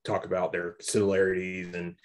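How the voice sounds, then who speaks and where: A young man co-hosting a casual movie review chat, talking in halting bursts full of restarts and repeats. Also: sits low, monotone. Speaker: podcast co-host.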